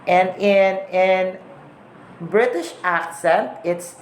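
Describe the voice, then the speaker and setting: Woman, teacher, repeats words slowly, echoey room, faint background noise. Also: on the low side. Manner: slow, repeats example words to model pronunciation. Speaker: English teacher. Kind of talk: recorded lesson on English accents.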